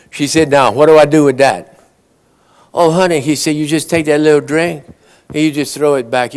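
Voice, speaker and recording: A man's voice: fairly high pitch, darkish tone, clear, resonant tone. A man telling long, folksy joke stories at a conference awards ceremony, briefly acting out his characters' lines. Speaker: after-dinner joke teller.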